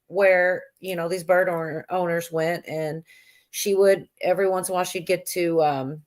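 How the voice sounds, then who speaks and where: A woman's voice: fairly low pitch, steady tone, moderate pace. Giggly rambling woman telling a joke. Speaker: livestream host. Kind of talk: casual chat, telling a joke.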